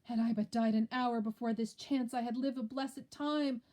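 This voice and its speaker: A woman's voice: fairly high pitch, fairly even intonation, moderate pace, warm tone, pitched above the performer's own voice, lightly acted. Woman reader as guilty lord; solemn, raised declaiming. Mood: mock grief. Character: guilty lord putting on grief.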